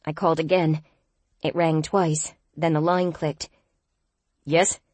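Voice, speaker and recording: A woman giving a tense, expressive first-person audiobook narration. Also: deep voice, measured pace, no room sound.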